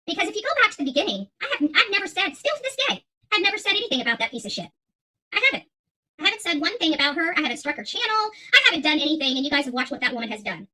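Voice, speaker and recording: A woman's voice: high voice, very animated, very fast, bright, forceful tone, poor audio. A woman hosting her own channel, talking straight to viewers in a heated, defiant monologue, with many fillers and repeated words. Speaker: YouTube channel host.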